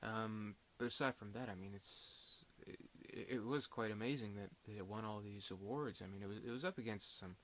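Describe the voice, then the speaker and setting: Rambling low-voiced man reviewing a film. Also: brisk, hardly any pauses, fairly bright tone, a little hiss or hum. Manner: rambling, full of fillers and restarts. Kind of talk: casual video review.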